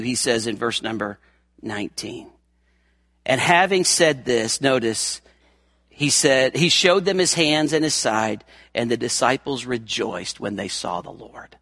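A man in his fifties, a pastor preaching a sermon, swinging between hushed, intimate moments and raised, urgent passages. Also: medium pitch, expressive, a little slow. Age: 50s.

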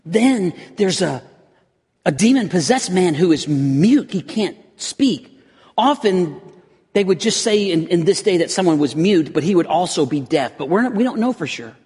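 A pastor delivers his sermon in a high, slightly husky voice. He preaches earnestly, often restarting phrases as he builds toward intense emphasis. The sound carries the long reverb of a church hall. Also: animated, normal speed, darkish tone.

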